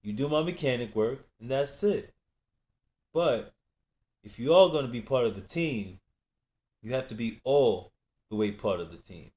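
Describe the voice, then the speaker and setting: A man's voice: medium pitch, expressive, normal speed, long pauses, warm tone, lightly acted. A man reading a novel aloud, voicing a menacing gang boss who taunts and persuades in a raised voice. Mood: persuading. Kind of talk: audiobook reading.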